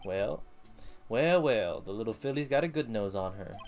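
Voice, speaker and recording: A man's voice: on the low side, lively intonation, normal speed, darkish tone, faint music behind. A man voicing a swaggering cowboy detective with a put-on cowboy drawl and folksy bravado.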